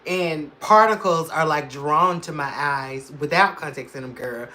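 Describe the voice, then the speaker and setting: Chatty woman makeup livestreamer, low-voiced. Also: unhurried, bright, forceful tone. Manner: chatty, reads and answers viewer comments, calls viewers girl; laughs often. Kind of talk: casual livestream chat.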